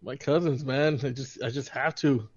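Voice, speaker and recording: A man's voice: mid-range voice, steady tone, moderate pace, a little mellow, lo-fi sound. A man co-hosting a podcast in casual chat, telling a story with laughs and stammered restarts. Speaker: podcast co-host.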